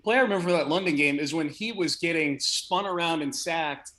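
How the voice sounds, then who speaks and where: A man's voice: on the high side, brisk, pushed and bright. A man in a casual sports debate, arguing emphatically and restarting his sentences often. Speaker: guest sports radio host.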